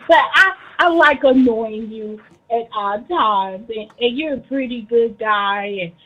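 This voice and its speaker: Teasing high-voiced woman, husky. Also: a little slow, highs cut off. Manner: animated, teasing, laughs often. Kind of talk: casual teasing chat.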